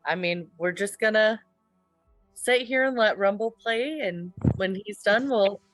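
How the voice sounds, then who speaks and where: A woman's voice: medium pitch, unhurried, a bit bright, no echo, soft background music. Hesitant woman playing a tabletop game. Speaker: player.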